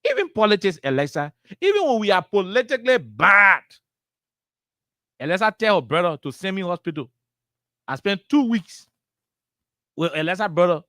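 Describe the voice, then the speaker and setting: A Liberian English speaker with a fairly high pitch for a man, holding forth on a radio talk show. He hammers his points with repeated words and rhetorical questions. The sound is dry and close with no room around it. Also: sing-song, normal speed, long pauses, pushed and bright, no echo. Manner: impassioned, repetitive, rhetorical questions. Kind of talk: political commentary. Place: radio studio.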